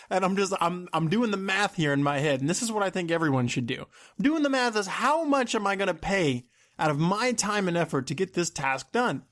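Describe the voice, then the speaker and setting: A man hosting his own podcast, complaining in an exasperated, animated way with laughs and sudden outbursts. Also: high voice, moderate pace. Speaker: podcast host. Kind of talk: solo ranting podcast.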